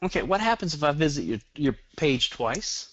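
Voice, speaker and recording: Middle-aged Southern US man, fast, joking webinar trainer; plain dry, muffled call audio. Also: a little high, very animated, fairly bright tone, dry recording. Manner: rambling, joking, fast-talking. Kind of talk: online marketing webinar.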